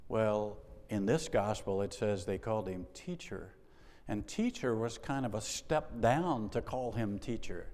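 A pastor with a fairly low, darkish voice preaches an emphatic sermon at an unhurried pace, posing rhetorical questions to the congregation and calling for an "amen." Long hall reverb fills the recording.

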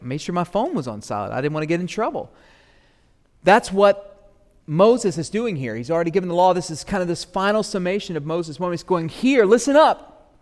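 Pastor in his thirties, slightly high voice, preaching in a reverberant church, easy and joking one moment, forceful the next. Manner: conversational, building to loud emphatic proclamation. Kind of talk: sermon. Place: church sanctuary. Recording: long reverb of a church hall.

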